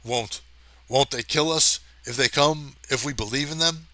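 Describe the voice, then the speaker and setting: A man voicing a burly, brash male space ranger who talks loud and gruff. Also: medium pitch, unhurried, no echo. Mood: uneasy.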